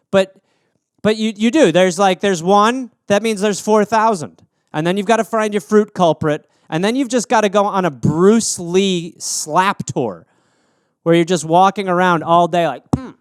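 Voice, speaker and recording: This man's high-pitched, clean-toned voice carries his solo comedy podcast, where he riffs on what listeners suggest, swears, rambles and puts on silly voices. He's in his thirties, and the recording is dry and studio quality.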